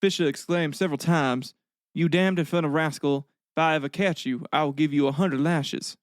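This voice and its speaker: A man's voice: fairly high pitch, steady tone, normal speed, no room sound, studio quality, lightly acted. A man reading an old sworn statement aloud in a put-on Southern accent, as a drawling male witness. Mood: solemn. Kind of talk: dramatic reading of an old affidavit.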